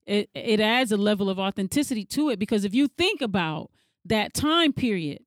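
A woman co-hosting a casual chat, telling stories with lively energy and acting out what others said. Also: normal speed, dry recording, studio quality. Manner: animated storyteller, acts out quotes in a high voice.

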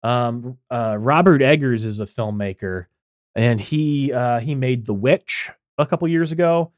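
A man's voice: mid-range voice, a little slow, no echo, clean studio sound. A man co-hosting a podcast in casual chat, opinionated and blunt, with lots of "like" and "um" fillers. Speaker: podcast co-host.

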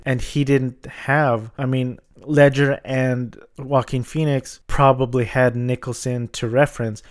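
A man's voice: medium pitch, darkish tone. A man talking casually about movies he watched, rambling with frequent restarts and hedges. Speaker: movie vlogger. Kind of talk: casual movie review monologue.

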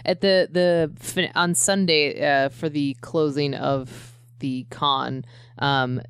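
A woman's voice: low voice, fairly even intonation, slow, clean tone, dry recording, studio quality. A woman in her thirties chatting casually as a podcast co-host, rambling with many fillers and restarts. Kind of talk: casual chat.

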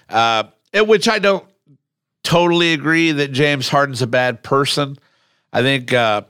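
A male podcast host in casual, animated chat, blunt and quick to swear. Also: fairly high pitch, no echo, studio quality.

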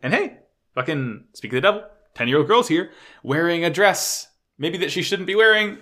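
A man co-hosting a casual podcast, excitedly recapping an anime episode, swearing freely and stammering when unsure. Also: a little high, normal speed. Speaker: podcast co-host.

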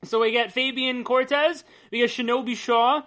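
A woman's voice: on the high side, steady tone, moderate pace, a bit bright. A young woman co-hosting a casual comic-book podcast, joking crudely and laughing often. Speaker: podcast co-host.

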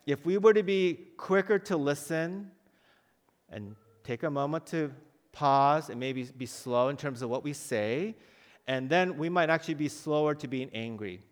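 A man's voice: on the high side, unhurried, in a large hall. A middle-aged man, head of a school, giving a conversational chapel message to students and often asking them questions. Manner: conversational, asks the audience questions.

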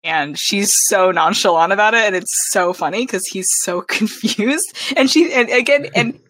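A woman's voice: medium pitch, moderate pace, no echo. A woman co-hosting a book podcast, chatting casually and laughing often as she retells scenes. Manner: lively, chatty, with frequent laughter and acted-out quotes. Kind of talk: casual book-club chat.

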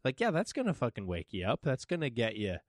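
A man's voice: mid-range voice, wildly swooping pitch, fast, no room sound. Laid-back man, dry close sound. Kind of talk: casual podcast chat.

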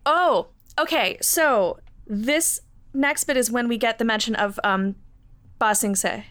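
Woman podcast host, animated, laughs a lot, dry close mic. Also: a little high, unhurried, no echo. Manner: animated, laughs often, many fillers. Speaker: podcast co-host watching a show for the first time. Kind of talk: casual chat.

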